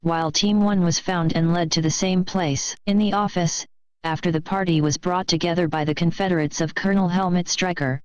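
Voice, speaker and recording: A woman reading a fan fiction story aloud in a steady, plain storytelling manner. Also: on the low side, brisk, clear, resonant tone, no echo, low-quality recording. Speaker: story reader.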